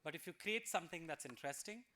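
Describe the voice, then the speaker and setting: A man's voice: a little high, animated, fast talker, bright, forceful tone. Man telling a story in a talk. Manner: storytelling, conversational, with fillers. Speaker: guest speaker for teachers. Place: school auditorium.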